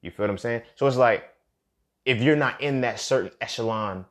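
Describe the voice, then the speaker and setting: A man's voice: medium pitch, brisk. A man speaks in a mid-range voice, hosting a loose solo podcast. He talks casually and heatedly, swears often and circles back to repeat his points. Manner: profane, animated street slang, repeats phrases. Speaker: podcast host. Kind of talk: casual monologue.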